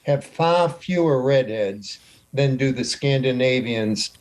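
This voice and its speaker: A man's voice: medium pitch, lively intonation, slow pace, a little mellow. A man on a podcast panel, adding wry, opinionated asides in casual chat.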